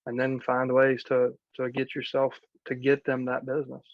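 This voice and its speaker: Gravelly, flat-voiced man coaching. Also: medium pitch, normal speed, dry recording, muffled recording. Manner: conversational, practical advice with quoted asides. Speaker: real estate coach. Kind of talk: live training session.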